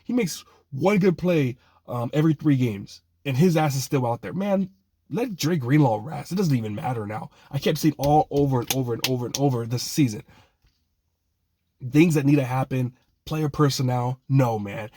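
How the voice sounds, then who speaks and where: A man's voice: medium pitch, normal speed, mellow, dry recording. A young man angrily ranting about his football team, swearing and exasperated, repeatedly apologizing for getting worked up. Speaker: fan channel host. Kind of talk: angry sports rant.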